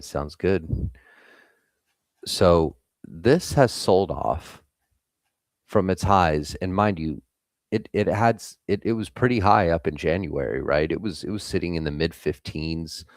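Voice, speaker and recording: A man's voice: rumbling low, unhurried, dry recording, studio quality. A young man hosting a live trading stream, giving blunt, casual market commentary and swearing freely.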